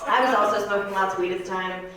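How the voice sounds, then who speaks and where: A thirty-year-old woman performing stand-up in a comedy club, telling confessional stories in a rambling, deadpan way. Her voice sits at an ordinary middle pitch. It comes from a distance and rings around a very echoey room. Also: fast talker, crowd noise. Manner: deadpan, rambling confessional delivery with filler words.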